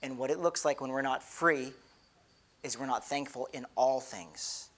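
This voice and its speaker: A man's voice: medium pitch, unhurried, fairly bright tone. A middle-aged man, a pastor, giving an earnest, conversational sermon with many repeated restarts.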